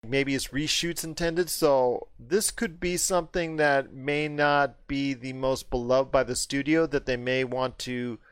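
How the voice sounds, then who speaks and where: A man's voice: medium pitch, steady tone, unhurried, few pauses, clear, resonant tone, no room sound. A man hosting a casual movie discussion, emphatic and prone to repeating his point when worked up.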